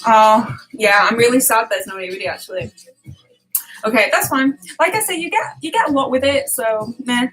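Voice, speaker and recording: Chatty British woman, higher voice. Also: moderate pace, over music, rough recording. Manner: chatty, laughs often, self-deprecating. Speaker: reaction channel host. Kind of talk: casual chat with viewers.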